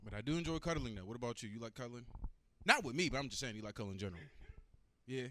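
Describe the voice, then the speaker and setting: A man's voice: mid-range voice, lively intonation, very fast, fairly bright tone, slight background noise. A man doing a stand-up comedy set, talking loosely and profanely and working the crowd.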